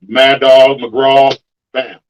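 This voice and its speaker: A man with a mid-pitched voice speaks plainly and bluntly. He answers questions in a casual interview. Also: little pitch movement, drawn-out words, lo-fi sound. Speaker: rapper guest.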